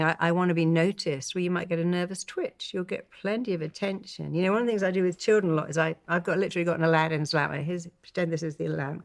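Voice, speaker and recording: Animated older woman therapist, gravelly. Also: lowish voice. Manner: animated storytelling, acts out quoted voices. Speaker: therapist guest. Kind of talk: conversational interview.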